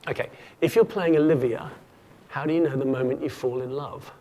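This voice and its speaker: A man's voice: mid-range voice, fairly even intonation, fairly quick, dark tone. A man giving a humorous keynote lecture to an audience, playful and jokey, often stumbling and restarting his sentences. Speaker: keynote speaker.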